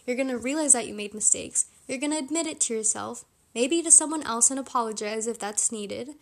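Young woman podcast host, slightly high voice, casual chatty advice, informal delivery. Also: brisk. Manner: chatty, informal, with fillers and laughs.

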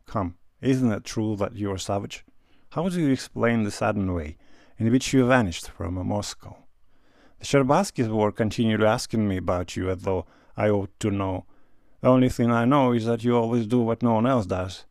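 A man's voice: lowish voice, normal speed, darkish tone, no room sound, clean studio sound, natural voice. A man voicing a cheerful, worldly nobleman who teases his friend in a breezy, slightly grand manner.

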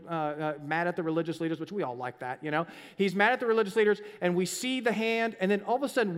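A middle-aged male pastor with a notably high voice delivers a casual, conversational sermon. He slips into little acted-out voices as he tells the story. His voice rings with a long reverb from the church sanctuary. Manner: conversational, acts out scenes with voices.

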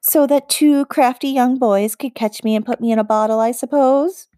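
A wry, unhurried shapeshifting witch who rules the forest, read by a woman in an audiobook. She teases and chills in equal measure, voiced dry and close with no room around it. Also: fairly high pitch, mellow, dry recording, pitched above the performer's own voice, close to an everyday voice. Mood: teasing. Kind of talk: audiobook character voice.

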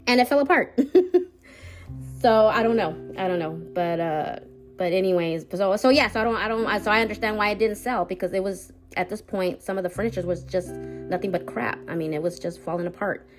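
A woman hosting her own podcast, talking haltingly with many restarts about something personal. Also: mid-range voice, faint music behind. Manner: halting, hesitant, full of restarts. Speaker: podcast host.

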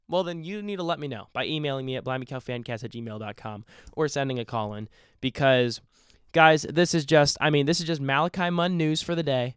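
Playful young man, smooth dry voice. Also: mid-range voice, a little fast, no echo. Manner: playful, jokey, freestyles and puns. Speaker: podcast host. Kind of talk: casual comedic podcast chat.

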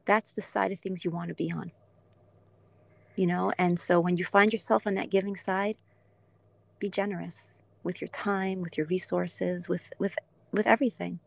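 A woman hosting a podcast, talking in an earnest, gentle and encouraging way in a heartfelt interview. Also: lowish voice, steady tone, normal speed, creaky. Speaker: podcast host.

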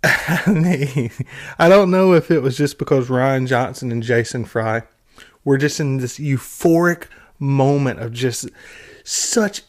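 Man, mid-range voice, mocking and exasperated rant with stammered restarts. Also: medium pitch. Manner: halting restarts and repeated words. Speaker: film commentary vlogger. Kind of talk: ranting commentary.

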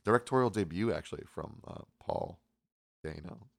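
A man's voice: deep voice, normal speed, creaky, dry recording, clean studio sound. A young man hosting a movie podcast in casual, rambling chat full of fillers. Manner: relaxed, rambling, many fillers. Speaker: podcast host.

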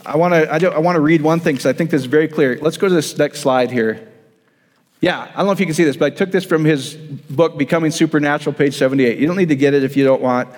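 A man's voice: fairly high pitch, fast, big-room sound. A man preaching a sermon, emphatic and repetitive, often restarting his sentences. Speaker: pastor.

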